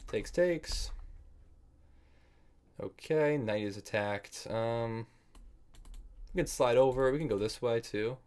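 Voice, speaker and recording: This US chess streamer has a smooth, mid-range voice with a somewhat dark tone and a slightly unhurried delivery. He reasons through his moves aloud, gets down on himself when he slips, and chats loosely with the people watching.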